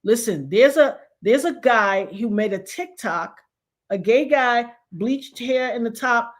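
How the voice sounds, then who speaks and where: A woman hosting a casual chat, telling stories in an animated way and acting out the people she quotes. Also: on the high side, slow pace. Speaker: show host.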